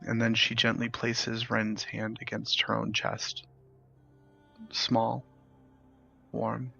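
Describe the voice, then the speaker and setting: A man narrates a tabletop game as game master at an unhurried, deliberate pace. His voice is gravelly, bright and a little husky, and the lo-fi recording carries faint music underneath. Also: lowish voice, monotone. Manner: slow, measured narration. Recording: slightly dull, lo-fi with faint music.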